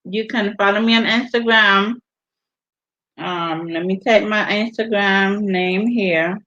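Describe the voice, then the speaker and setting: Slow-talking Virgin Islands woman. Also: medium pitch, fairly even intonation, fairly bright tone. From US Virgin Islands (St. Thomas). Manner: unhurried, drawn-out delivery while reading viewer comments. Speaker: livestream host. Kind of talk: casual livestream chat. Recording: dull lo-fi stream audio.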